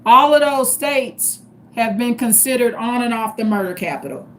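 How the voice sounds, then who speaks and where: A middle-aged woman from St. Louis with a high voice, talking straight to her livestream viewers. She is blunt, tough and full of cursing. Faint noise sits under her voice. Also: expressive, normal speed, a bit bright. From St. Louis, Missouri, US. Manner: blunt and profane, street-tough. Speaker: livestream host. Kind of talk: casual livestream talk.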